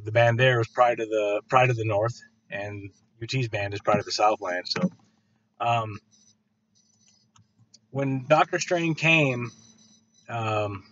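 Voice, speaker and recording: A middle-aged man from Michigan's Upper Peninsula giving a casual spoken presentation, rambling with fillers and restarts, then livelier as he tells a story. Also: medium pitch. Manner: rambling, many fillers and restarts, grows animated when telling a story. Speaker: student giving an oral presentation. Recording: dull lo-fi sound.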